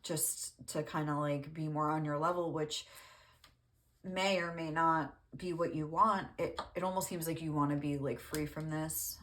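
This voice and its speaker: A woman reading tarot cards, talking casually and rambling with many fillers. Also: deep voice. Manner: rambling, lots of "like", laughs often. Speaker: tarot reader.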